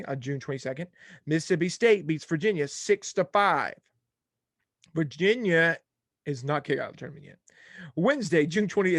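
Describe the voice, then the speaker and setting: Young guy hosting a sports podcast, kinda high voice, dry close sound, jokey and all over the place. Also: no room sound. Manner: rattles off scores, jokey and scattered. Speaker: podcast host. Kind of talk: casual sports podcast chat.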